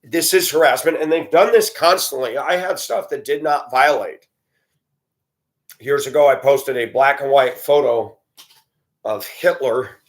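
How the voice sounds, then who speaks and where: A man's voice: mid-range voice, a little slow. A man vlogging an angry, profane monologue at his computer. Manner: indignant, profane, ranting.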